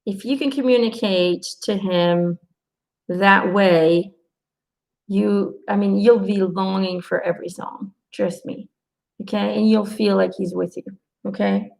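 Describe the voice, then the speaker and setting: This live angel card reading comes from a middle-aged woman whose medium-pitched voice has vocal fry and an unhurried pace, heard on a rough recording. As an intuitive card reader, she chats casually, reassures viewers directly, and tells animated stories with quoted asides.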